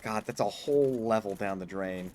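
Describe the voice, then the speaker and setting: A man's voice: fairly low pitch, normal speed, darkish tone, slight background noise. A man streaming a hard game, chatting casually, swearing often and breaking into mock-grand speeches. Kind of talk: casual gameplay commentary.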